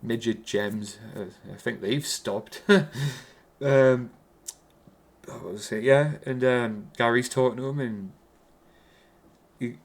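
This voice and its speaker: A man's voice: mid-range voice, slow pace. A man with a Geordie accent giving a casual, rambling film review, swearing constantly and restarting his sentences.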